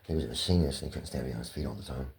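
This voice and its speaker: A man giving a rambling personal monologue. He is profane, repeats himself, and swings between hushed murmurs and loud, heated outbursts. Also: a bass voice, very fast, gravelly. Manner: profane, repetitive and impassioned.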